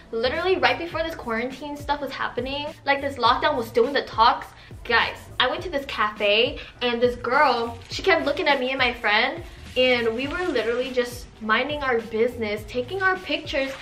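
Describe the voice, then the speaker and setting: A young woman vlogger telling stories to camera in a sassy, animated way, swearing freely. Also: high voice. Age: young adult. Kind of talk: casual storytelling to camera.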